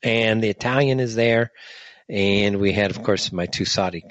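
Lower-voiced American man, joking ramble. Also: normal speed, a bit bright, no echo, highs cut off. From United States. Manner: rambling, joking asides, self-correcting. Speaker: podcast host. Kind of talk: casual monologue.

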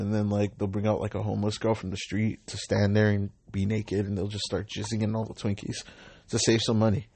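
A young man in his mid-twenties talks in a low, somewhat husky voice, the sound close and dry with no room around it. He rambles casually from one story to the next, leaning on slang and swearing. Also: level tone, brisk, mellow, no echo. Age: 20s. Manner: slangy and profane, loose and rambling.

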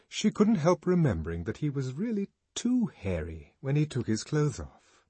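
A man reading a novel aloud as audiobook narrator, in an expressive, varied manner. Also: on the low side, slightly rough, no room sound.

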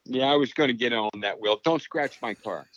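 A man co-hosting a casual podcast chat, answering quiz questions with deadpan one-liners. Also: medium pitch, brisk, dry recording. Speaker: co-host. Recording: dull, slightly lo-fi dry sound.

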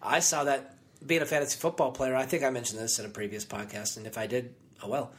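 A man's voice: mid-range voice, steady tone, fast talker. A man co-hosting a podcast, talking casually with a sarcastic, contrarian streak. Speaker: podcast co-host.

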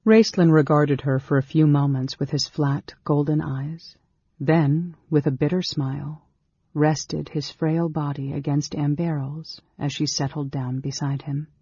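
An audiobook narrator reads a fantasy story at a steady, measured pace. The voice has a gravelly, raspy edge and sits in a middle pitch. The recording is dry and a little dull. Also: dry recording. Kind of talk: scripted narration.

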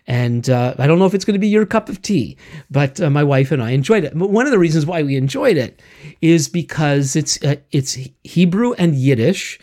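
A man's voice: fairly high pitch, expressive, normal speed, a little mellow. A middle-aged man talking casually on his own, rambling with many fillers and restarts as he circles back to his point. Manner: rambling, self-correcting, frequent fillers. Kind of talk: casual monologue.

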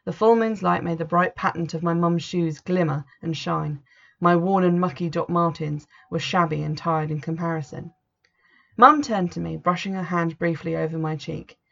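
A woman narrating a first-person story in a measured, earnest way, on a dull lo-fi recording. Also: on the low side, vocal fry.

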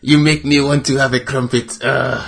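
A man's voice: medium pitch, flat delivery, moderate pace, gravelly, noisy background. A man co-hosting a podcast, chatting casually in a playful, joking way. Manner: playful, jokey, teasing. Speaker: podcast co-host. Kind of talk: casual chat.

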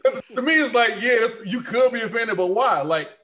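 High, lively man arguing his point. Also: fairly quick. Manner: emphatic, opinionated, swearing freely. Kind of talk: casual chat.

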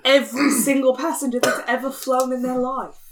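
A woman doing a lady, drawling, high voice, loud group chatter around. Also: steady tone, fairly quick. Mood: haughty. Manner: drawling, grandly self-assured. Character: haughty, posh, oversexed female flight-attendant applicant.

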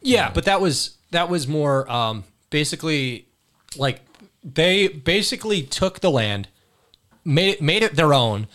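A man's voice: on the high side, lively intonation, measured pace, a bit bright. A man co-hosting a casual chat, jokey and crude, given to rants. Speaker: podcast co-host.

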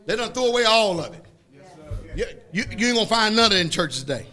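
A preacher with a strikingly high, bright voice, delivering a fiery, folksy sermon. He swings between loud shouted bursts and quieter asides, often breaking into laughter. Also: animated, fast.

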